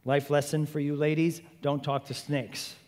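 A male preacher delivers an animated sermon, firing off rhetorical questions with a playful edge. His voice sits somewhat high. A long hall reverb trails behind his words. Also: moderate pace. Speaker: preacher and Bible teacher.

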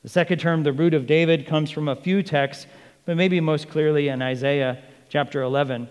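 A man preaching a sermon as pastor, animated, acting out the voices of the people he quotes. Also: a little high, moderate pace, clean tone. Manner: animated, acts out quoted speech. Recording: long reverb of a large hall.

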